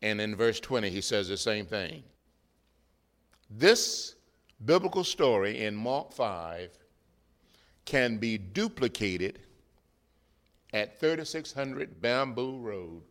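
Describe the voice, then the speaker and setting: A man in a church preaching a sermon, animated, rising to shouts and chuckling between points. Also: lowish voice, slow pace, long pauses. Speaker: guest preacher.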